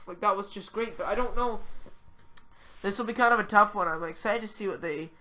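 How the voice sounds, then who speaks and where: A teenage girl chats on a homemade podcast at an ordinary middle pitch. She rambles excitably, packing her sentences with "like" and quick restarts. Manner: excitable, rambling, heavy use of "like". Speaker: podcast co-host. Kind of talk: casual chat.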